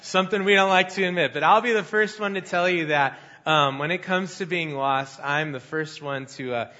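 A young pastor delivers a sermon built around a personal story, speaking conversationally and animatedly acting out what people said. His mid-range voice comes through on dull-sounding audio.

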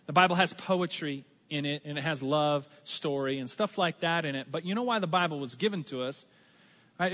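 Male pastor, conversational sermon, high bright voice, muffled recording, long hall echo. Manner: conversational, animated preaching with asides and impressions.

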